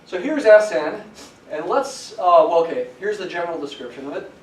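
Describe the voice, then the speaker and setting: A man's voice: high voice, animated, normal speed. A man, a math professor, giving a classroom lecture, explaining step by step and stressing key words. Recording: echoey classroom from some distance, faint hiss.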